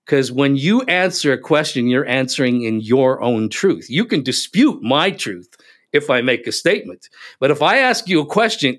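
A man speaking as a podcast guest, telling stories with emphatic, animated delivery. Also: mid-range voice, moderate pace. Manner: animated, emphatic, acts out quotes. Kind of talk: casual interview storytelling.

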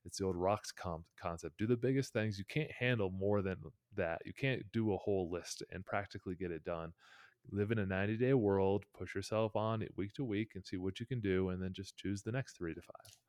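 Give me a man with a very deep voice who talks in an earnest, steady way and lays out practical steps in a casual interview. The sound is dry, with no room echo. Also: a little fast. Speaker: podcast guest. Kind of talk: casual conversational advice.

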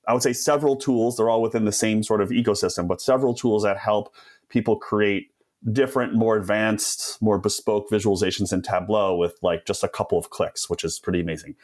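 A man's voice: lowish voice, fairly even intonation, a little fast, a little mellow. A man hosting a podcast, chatting casually and enthusiastically with a guest and laughing easily. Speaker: podcast host. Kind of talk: casual interview chat.

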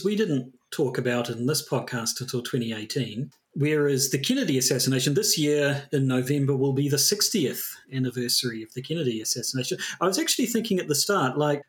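A man's voice: mid-range voice, expressive, fairly quick, few pauses. A man co-hosting a podcast in casual chat, rambling and hesitant with frequent restarts. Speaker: podcast co-host.

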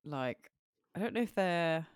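Young english woman, southern accent, low voice but super lively, playful and teasing, dry close recording. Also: unhurried, smooth, no echo. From England. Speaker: podcast co-host. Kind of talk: casual chat.

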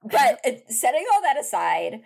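Woman podcaster, easygoing talker, lively up-and-down voice. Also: fairly high pitch, normal speed, creaky, breathy edge. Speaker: podcast co-host. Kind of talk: casual book discussion.

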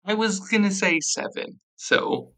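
A gravelly, bright-toned game master leads a tabletop game. The narration rambles loosely as it moves the scene along. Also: mid-range voice, lively intonation, unhurried, rough recording.

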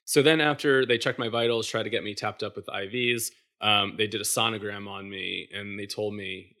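A man in his thirties, a podcast guest telling a personal story casually, halting with many fillers and restarts. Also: lowish voice, fairly even intonation, sharp tone.

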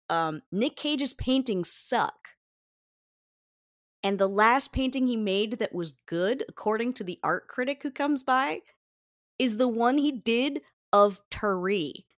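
A woman's voice: on the high side, animated, takes it slowly, dry recording, studio quality. A woman co-hosting a podcast in casual chat, wry and amused as she lays out her theories. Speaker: podcast co-host.

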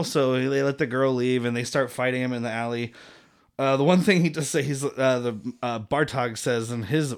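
A man chats casually as a podcast co-host and walks through a movie's plot. He rambles and leans on filler words, cursing freely. His pitch sits at an ordinary middle height. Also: steady tone, moderate pace. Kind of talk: casual movie recap chat.

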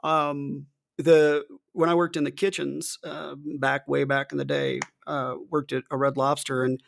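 A man's voice: fairly high pitch, flat delivery, a little slow, vocal fry, slight background noise. A middle-aged man co-hosting a casual chat, telling loose, profanity-heavy stories and laughing through them. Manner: loose storytelling, swears often, laughs through his stories. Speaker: podcast co-host.

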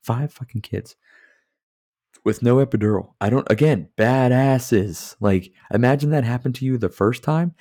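A man with a mellow mid-range voice hosts a podcast at a moderate pace, chatting about movies in a rambling, casual way. He drinks beer, curses, and uses plenty of filler words, with studio-quality sound and no room sound.

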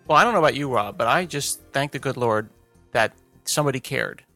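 A man co-hosting a podcast in casual chat, expressive and animated. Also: mid-range voice, fairly quick, soft background music. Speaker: podcast co-host.

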